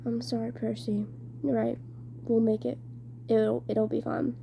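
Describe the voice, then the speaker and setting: A woman reading aloud and voicing an earnest, brave teenage girl who speaks softly and reassuringly. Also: fairly high pitch, flat delivery, unhurried, gravelly, noisy background.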